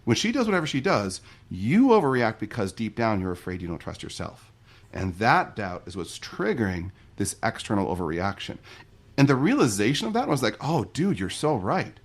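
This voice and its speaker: A middle-aged man, a guest on a podcast, telling stories and explaining ideas in a relaxed, conversational way. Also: fairly low pitch, husky. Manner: fast, animated storytelling. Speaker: podcast guest, marriage coach.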